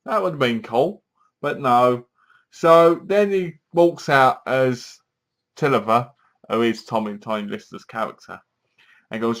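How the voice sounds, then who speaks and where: A man's voice: mid-range voice, measured pace. Rambling man reviewing a film. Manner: rambling, acts out the characters' lines. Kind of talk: casual movie review.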